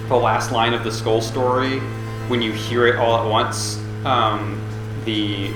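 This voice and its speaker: A young man giving casual let's-play commentary, rambling with lots of ums and likes. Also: lowish voice. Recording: roomy echo with game music behind.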